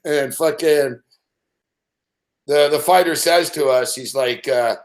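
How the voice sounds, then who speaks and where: A man hosting a sports betting show, telling a late-night story in a profane, rambling, animated way. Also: a little high, a little slow, reverberant.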